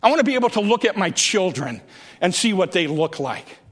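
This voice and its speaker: A man's voice: sits high, sing-song, a little fast, a bit bright, exaggerated voice. A male preacher acting out a desperate blind beggar who pleads urgently in a sermon. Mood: longing. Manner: pleading, urgent, repeating himself.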